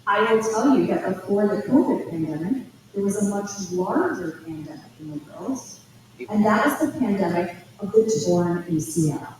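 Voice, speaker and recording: A woman giving an informal college admissions talk, telling chatty, animated stories with lots of asides. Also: medium pitch, moderate pace. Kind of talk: informal presentation to parents and students. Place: school auditorium. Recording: echoey hall from far off, faint noise.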